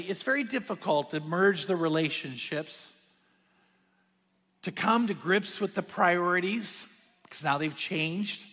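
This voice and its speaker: Man, pastor, sermon, energetic then hushed, long reverb, high voice. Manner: energetic, conversational preaching with sudden drops to a hush.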